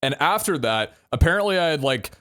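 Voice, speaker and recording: A man's voice: on the high side, sing-song, fairly quick, a bit bright. A young adult man streaming live, telling a story casually, full of laughs and casual swearing.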